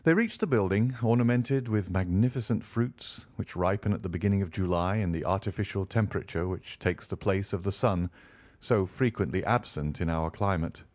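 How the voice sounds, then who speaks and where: A man reading a classic novel aloud as an audiobook in a measured, expressive way. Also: low-pitched, no room sound. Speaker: audiobook volunteer reader. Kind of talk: scripted narration of a classic novel.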